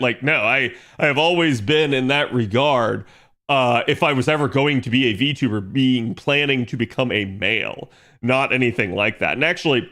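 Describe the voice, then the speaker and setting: A man's voice: mid-range voice, pushed and bright. A young man streaming from home, chatting casually with his viewers in a rambling way full of fillers. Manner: rambling, filler-heavy, reads chat aloud.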